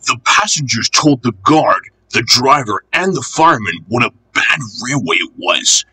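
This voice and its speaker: Storybook narrator, man, bright and slightly husky, with a lively, animated delivery. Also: medium pitch, unhurried, rough recording. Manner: expressive, lively reading.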